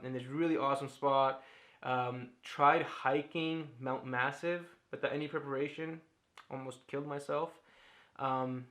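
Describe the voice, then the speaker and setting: Candid man vlogging, a bit high-pitched. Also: a bit bright. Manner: open and reflective, with frequent laughs and fillers. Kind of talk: candid personal vlog talk.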